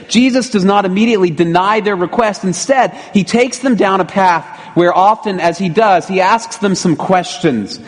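A middle-aged male pastor preaching a sermon in a conversational way, with rhetorical asides to the congregation. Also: a little high. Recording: long reverb of a church hall.

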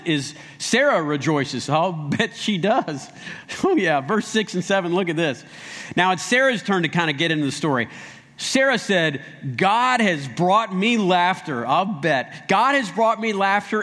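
A man's voice: fairly high pitch, fairly bright tone. A man preaching a sermon as a pastor, telling the story animatedly and acting out voices in the quotes. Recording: long hall reverb.

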